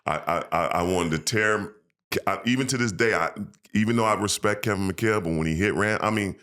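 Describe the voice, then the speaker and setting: A former pro basketball player, appearing as a podcast guest, tells emotional, animated stories and acts out the voices of people he quotes. He speaks briskly in a fairly low voice, in a casual storytelling interview.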